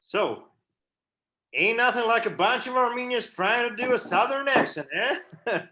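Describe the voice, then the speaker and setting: A man with a high-pitched voice hosts a panel over a video call. He is loose and chuckling, reads out questions from the audience and hands the floor to the guests. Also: lively intonation, unhurried, sharp tone. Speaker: moderator of an online panel. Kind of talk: hosting a video-call discussion.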